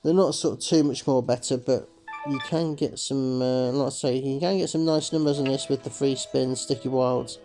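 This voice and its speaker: A man's voice: mid-range voice, steady tone, normal speed, warm tone, faint music behind, low-quality recording. A man hosting a slot game video, rambling casually to viewers with lots of "sort of" fillers and calling them folks. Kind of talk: casual gameplay commentary.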